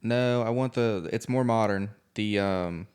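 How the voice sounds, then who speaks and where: Low, smooth-voiced man chatting on a podcast. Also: measured pace. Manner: relaxed, talks through his own experiences. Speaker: podcast co-host. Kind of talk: casual podcast chat.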